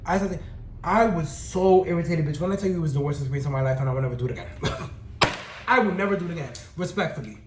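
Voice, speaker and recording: A young man with a high voice tells his story at a rapid clip, full of slang and swearing. He sounds sassy and animated. The room echoes around him. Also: noisy background. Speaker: storytime vlogger. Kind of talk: casual storytelling rant.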